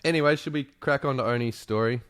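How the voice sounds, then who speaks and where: A man's voice: medium pitch, quick pace, smooth. A man co-hosting a podcast in casual, jokey chat. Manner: jokey, laughs often, drops into silly voices. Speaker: podcast co-host.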